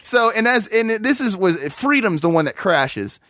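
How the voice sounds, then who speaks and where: Animated high-voiced man reviewing a movie. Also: normal speed, no echo, clean studio sound. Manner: animated, laughing, mocks movie lines in put-on voices. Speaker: podcast co-host. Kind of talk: casual movie review chat.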